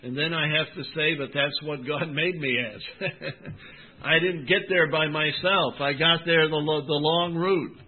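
Husky older man preaching, tinny sound. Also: on the high side. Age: 70s. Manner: earnest, folksy, slow deliberate emphasis. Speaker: pastor. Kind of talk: sermon. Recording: tinny phone-like recording.

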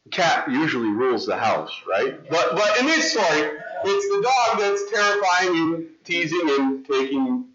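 High-voiced pastor preaching. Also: male voice, a little slow, hardly any pauses, lo-fi sound, over a noisy crowd. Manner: chatty, animated storytelling. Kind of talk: sermon.

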